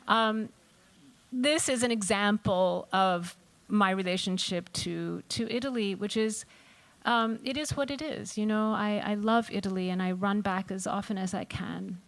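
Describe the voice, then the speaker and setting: A woman author speaking on a festival panel, reflective and halting, with frequent ums and restarts. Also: mid-range voice, fairly bright tone.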